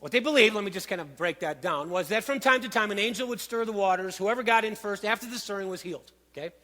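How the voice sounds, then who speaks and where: A man preaching a sermon, emphatic and animated, with dramatic asides. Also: high-pitched, fast talker. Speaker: pastor. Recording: long hall reverb.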